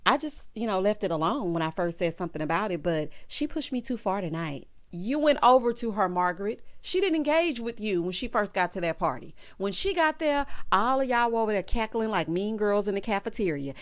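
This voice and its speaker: A woman's voice: medium pitch, animated, a little fast, few pauses. A woman recapping a reality show in a sassy, opinionated way, talking straight to her viewers. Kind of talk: casual chat.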